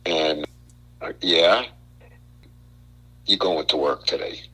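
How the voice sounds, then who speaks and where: An older man from Brooklyn, a guest on a radio talk show, telling animated stories and stumbling over repeated words. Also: extremely low pitch, slow pace, husky, poor audio. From Brooklyn, New York. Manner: animated storyteller, repeats words, acts out quotes. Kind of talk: casual radio chat.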